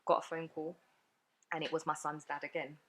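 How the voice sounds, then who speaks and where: Low-voiced woman telling her story. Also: little pitch movement, fairly bright tone, a little hiss or hum. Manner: earnest, rapid retelling with many fillers. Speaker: guest sharing her story. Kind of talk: personal storytelling in a podcast interview.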